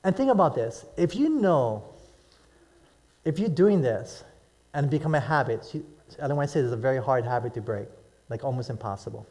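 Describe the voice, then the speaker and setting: Preaching to a live congregation, this middle-aged pastor speaks at a moderate pace with a medium-pitched, darkish voice and lively intonation. He tells his stories with animation, often checking in with "right?" and "amen?".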